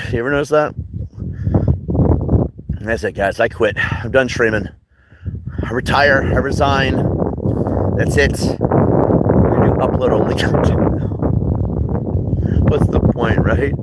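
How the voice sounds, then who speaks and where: A man in his thirties from Michigan chatting on a live stream, his pitch swinging up and down as he rambles. He talks in a loose, sarcastic, joking way and swears freely. A clear layer of background noise sits under his voice. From Michigan, United States. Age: 30s. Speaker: livestreamer. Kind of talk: casual livestream chat, reading viewer comments.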